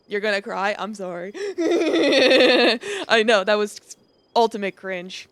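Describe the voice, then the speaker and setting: Giggly woman streamer, higher pitch. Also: sing-song, takes it slowly, a bit bright, dry recording. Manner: giggly, chatty, greets viewers. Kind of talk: casual gaming commentary and reading aloud.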